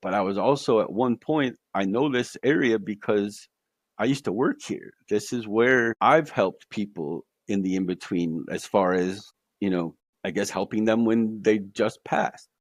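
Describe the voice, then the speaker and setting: A man's voice: on the low side, unhurried, dry recording. A man telling his near-death experience as a podcast guest, earnest, with many fillers. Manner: earnest storytelling with fillers, quoting voices he heard.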